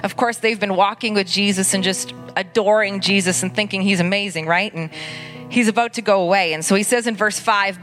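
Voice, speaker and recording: A woman pastor preaching an earnest, conversational sermon at a church service, with dramatic pauses. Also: medium pitch, steady tone, fairly bright tone, faint music behind.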